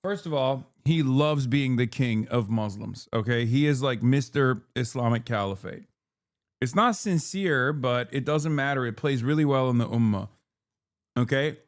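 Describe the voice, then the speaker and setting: A man's voice: mid-range voice, normal speed. A man hosting a stream, giving blunt, profane political commentary in casual chat. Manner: blunt, profane, opinionated, with fillers like "like" and "okay?". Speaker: streamer host.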